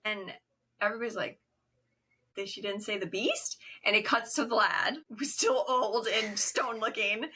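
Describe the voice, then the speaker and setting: A woman co-hosting a podcast, casually retelling film scenes and slipping into quick quoted lines. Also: medium pitch, fairly even intonation, sharp tone, husky. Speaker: podcast co-host. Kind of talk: casual movie recap chat.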